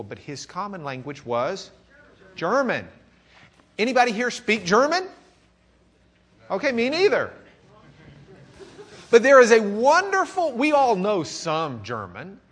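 Texan man preaching, loud then hushed. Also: high-pitched. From Texas. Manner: swings from loud questioning to quiet confiding, with joking asides; restarts and repeats words. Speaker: pastor teaching a church class. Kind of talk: sermon lesson.

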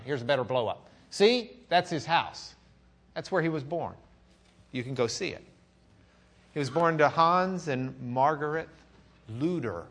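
A man from Texas with a Texan accent, teaching a church class as a sermon, who swings from loud questioning to quiet confiding, with joking asides and repeated restarts. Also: mid-range voice. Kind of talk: sermon lesson.

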